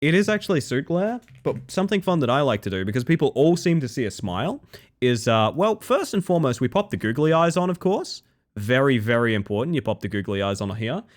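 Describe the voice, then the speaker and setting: A man streaming live and chatting casually with his viewers, animated, often breaking into high squeals and laughter. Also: fairly quick. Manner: chatty, thanks viewers warmly.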